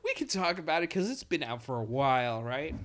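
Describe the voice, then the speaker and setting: A man's voice: medium pitch, animated, a little fast, a loud crowd. A man in casual chat who swears and laughs often and acts out lines he quotes.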